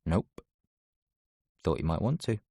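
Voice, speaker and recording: A man's voice: sits low, sing-song, slow pace, gravelly, mellow, breathy edge, dry recording, heavily acted. A man reading an audiobook, voicing a sarcastic teenage girl who is blunt but caring, in a dry, matter-of-fact manner. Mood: deadpan. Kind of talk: audiobook character voice.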